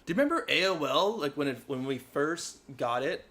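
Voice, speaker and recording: A man's voice: a little high, sing-song, fairly quick, bright, forceful tone. Laid-back joking young man. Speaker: podcast co-host. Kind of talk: casual chat. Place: apartment.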